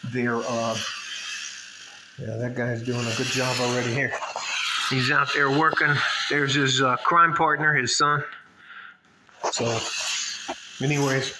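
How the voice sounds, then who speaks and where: A man's voice: mid-range voice, little pitch movement, takes it slowly, pauses often. A man with a West Texas accent talking casually and bluntly to his viewers, rambling and swearing now and then. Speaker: vlogger. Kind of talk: casual direct-to-camera talk. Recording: echoey room with faint ambient noise.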